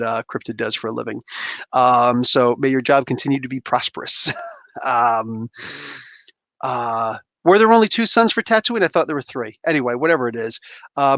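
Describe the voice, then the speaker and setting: A man's voice: medium pitch, dry recording. Rambling man on a livestream. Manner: rambling, animated, with many fillers and restarts. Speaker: livestream host. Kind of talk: casual livestream chat. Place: home room. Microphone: gaming headset.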